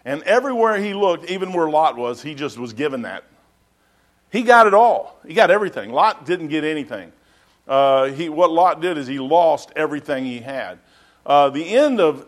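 A man's voice: on the high side, lively intonation, moderate pace. A middle-aged man, preaching a sermon as a pastor in a folksy, rambling storytelling way.

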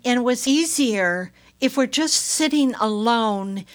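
A woman hosting a radio interview, speaking calmly and gently with occasional stammers. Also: a little high, slow. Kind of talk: interview conversation.

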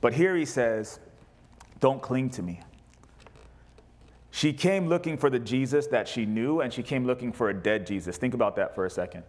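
A man's voice: mid-range voice, normal speed, pauses often. A man preaching a sermon to a congregation, reading scripture aloud and mixing in jokes. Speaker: pastor. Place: church service with congregation.

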